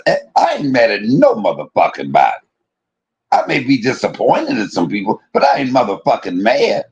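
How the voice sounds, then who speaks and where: A man's voice: medium pitch, wildly swooping pitch, a little slow, pauses often, breathy edge. A man on his own livestream, delivering a heated, profane and confrontational rant that circles back on itself and repeats points. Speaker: live streamer.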